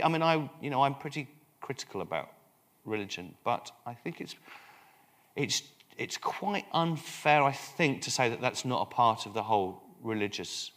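An English man, a priest speaking as the guest at a live public conversation, animated and full of halting restarts. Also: medium pitch. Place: London event hall.

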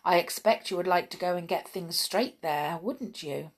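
A woman's voice: on the low side, moderate pace. A woman voicing a joyful king who welcomes heroes to his palace, speaking in a proclaiming, ceremonious way. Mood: kindly.

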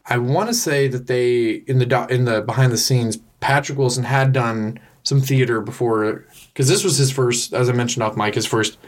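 A man co-hosting a casual film podcast, speaking at a middling pitch. He explains things in loose, rambling sentences and restarts often. He is recorded on a podcast mic. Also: moderate pace. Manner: explains with many likes and restarts. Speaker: podcast co-host. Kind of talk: casual movie chat.

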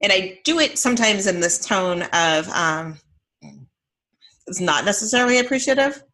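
Her voice is mid-range and her speed normal as she, a woman in her thirties, co-hosts a podcast and chats casually. The storytelling is animated and chatty, with lots of filler words.

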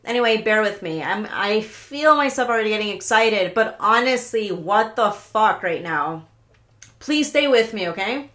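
A woman hosting a solo podcast, talking in an excitable, rambling way, swearing often, stopping herself and restarting, pacing as she talks. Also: medium pitch, moderate pace. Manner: paces around while talking. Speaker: podcast host. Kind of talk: casual solo podcast rant.

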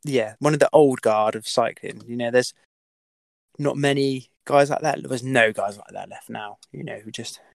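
A man's voice: medium pitch, moderate pace, vocal fry, no room sound. A man telling a story as a podcast guest, with many fillers, restarts and the odd swear word. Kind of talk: casual storytelling.

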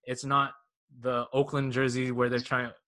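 A male podcast host with a bright, clear voice. He talks in a relaxed, rambling way and uses slang freely while he judges the panel. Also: mid-range voice, moderate pace. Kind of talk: casual panel chat.

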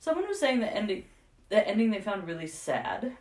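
A woman's voice: medium pitch, big pitch swings, brisk, darkish tone. A woman podcast co-host chatting enthusiastically, rambling with many fillers. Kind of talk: casual chat. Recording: roomy, distant mic.

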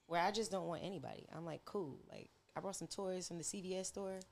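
A woman's voice: lowish voice, fast talker, creaky, a little mellow. A woman guest on a podcast, talking in casual, profane banter. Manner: brash, profane, laughing banter. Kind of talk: casual chat.

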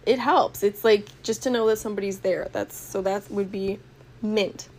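A woman's voice: medium pitch, moderate pace. Easygoing young woman, podcast co-host. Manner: relaxed, thoughtful, says "like" and "um". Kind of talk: casual chat.

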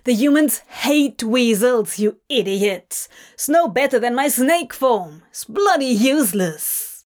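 A woman reading a fanfic audiobook, voicing an enraged male demon who snaps and shouts. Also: fairly high pitch, expressive, slow. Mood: furious. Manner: snapping, shouting in rage. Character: furious sharp-tongued male demon.

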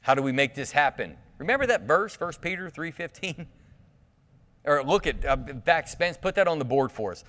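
A man's voice: fairly high pitch, lively intonation, moderate pace, fairly bright tone, big-room sound. A pastor preaching a sermon in a conversational way, asking the congregation questions and often restarting his sentences.

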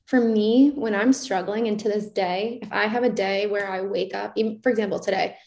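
A woman's voice: medium pitch, fairly quick, creaky. Candid young woman in a roomy space. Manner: candid, animated, acts out her own inner questions. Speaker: guest. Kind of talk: casual reflective interview talk. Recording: roomy echoey sound.

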